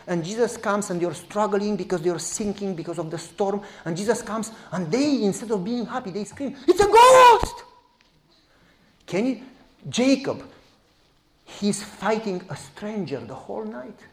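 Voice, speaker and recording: A man preaching a sermon, swinging between loud exclamations and hushed asides, and acting out the voices of people in his stories. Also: high-pitched.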